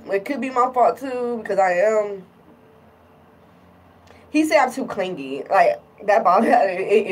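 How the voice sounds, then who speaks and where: A woman's voice: medium pitch, a little mellow, breathy edge, far from the mic, rough recording. A woman talking casually in a vlog, irritated and rambling, often repeating herself. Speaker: vlogger.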